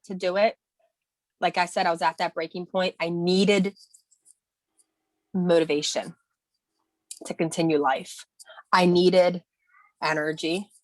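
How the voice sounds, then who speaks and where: A woman's voice: on the low side, fairly bright tone, no room sound. Candid, emotional woman co-hosting a video call. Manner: emotional, candid, restarts and emphatic outbursts. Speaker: co-host of a morning video call. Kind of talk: casual motivational chat.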